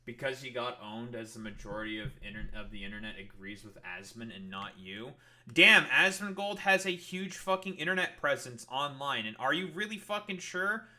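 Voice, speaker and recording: A man's voice: mid-range voice, expressive, moderate pace, bright, forceful tone. A male streamer ranting at his chat in a profane, sarcastic, exasperated way. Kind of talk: heated livestream rant at chat.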